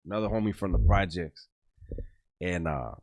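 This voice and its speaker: A man's voice: sits low, lively intonation, moderate pace, a little mellow. A man telling a story to his channel in casual talk, laughing often and using streetwise slang. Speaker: YouTuber.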